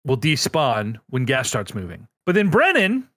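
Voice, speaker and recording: This gaming podcast co-host is an animated storyteller who swears freely while recounting a tale in a relaxed, energetic way. His medium-pitched voice moves at normal speed, captured in clean studio sound with no echo.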